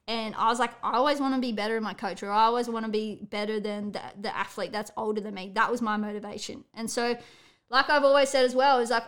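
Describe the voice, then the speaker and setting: A woman's voice: a little high, clean tone. A young woman, a coach talking bluntly and energetically in a casual motivational podcast monologue. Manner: blunt, energetic, tells it how it is. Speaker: athletics coach and podcast host.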